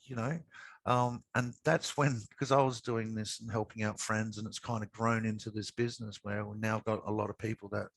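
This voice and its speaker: Podcast guest, male, lowish voice, loose chatty storyteller, dry close sound. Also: little pitch movement, normal speed, dry recording, rough recording. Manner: chatty, repeats words, frequent um and you know. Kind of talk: casual storytelling.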